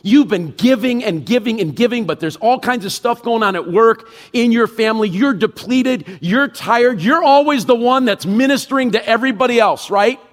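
High-voiced emphatic preaching pastor. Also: male voice, normal speed, few pauses. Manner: emphatic preaching, voicing inner thoughts, dropping low and quiet for the Spirit's words. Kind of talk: sermon.

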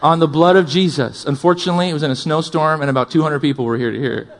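A man preaches with passion, his fairly high voice climbing louder through emphatic build-ups. He drops into quieter asides and jokes with the congregation between points. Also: fast talker. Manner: impassioned, swings from loud emphatic build-ups to low asides. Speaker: pastor. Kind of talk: sermon.

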